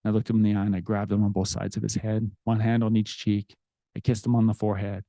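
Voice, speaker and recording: Earnest dad with a mellow voice. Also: male voice, on the low side, level tone, fast talker, creaky, no echo. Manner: earnest, reflective, with restarts. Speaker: podcast host. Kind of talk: personal storytelling.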